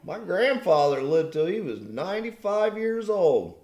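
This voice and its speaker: A man's voice: high-pitched, very animated, unhurried, a little mellow, dull audio, pitched above the performer's own voice, exaggerated voice. A cheeky little boy with a blunt, sassy edge, as a man puts him on in a joke. The voice is only slightly lifted. A roomy echo surrounds it.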